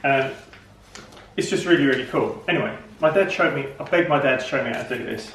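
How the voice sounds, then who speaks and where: A man's voice: mid-range voice, a little fast, fairly bright tone, slight background noise. A middle-aged man, telling a rambling joke and chatting casually to camera at home. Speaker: vlog host. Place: home, indoors. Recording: roomy, from far off camera.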